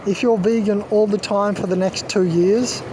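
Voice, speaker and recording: A man's voice: high voice, steady tone, moderate pace, noisy background. A man rambling to camera as a wellness vlogger, emphatic and self-assured, lecturing his viewers.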